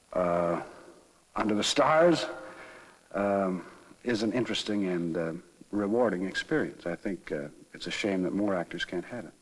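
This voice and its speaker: Man, middle-aged actor, husky, lowish, hesitant, filler-heavy, long reverb, old archive interview. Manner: halting, measured, many filler pauses. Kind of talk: archival film-set interview. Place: film studio.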